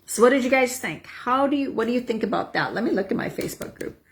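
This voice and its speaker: A woman's voice: on the high side, animated, quick pace. Soothing woman coach with faint hiss. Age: 40s. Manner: soothing affirmations with frequent "right?" and "okay?". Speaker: wellness coach. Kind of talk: guided self-help demonstration.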